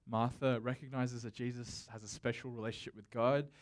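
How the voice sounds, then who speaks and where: A man delivering a sermon in an easygoing, conversational tone, speaking directly to his congregation. His voice sits at an ordinary, middling pitch. He preaches with casual fillers and restarts rather than formal oratory. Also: steady tone, fairly quick. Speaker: pastor.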